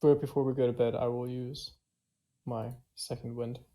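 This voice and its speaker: Tabletop player, mellow, mid-pitched, eager to act. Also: level tone, moderate pace. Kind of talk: casual tabletop play.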